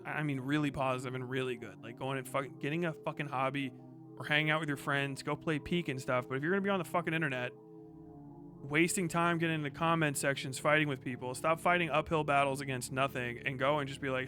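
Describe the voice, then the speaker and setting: A man's voice: on the high side, fairly bright tone. A man streaming live, ranting angrily and swearing heavily. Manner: angry, profane, heated. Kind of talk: livestream rant.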